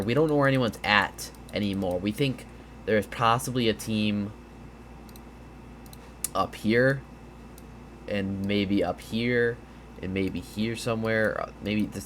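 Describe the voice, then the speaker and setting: Slight background noise sits under a lowish, unhurried male voice. The man is tired and yawning, casually walking through gaming strategy on a map with fillers, restarts, and some rambling.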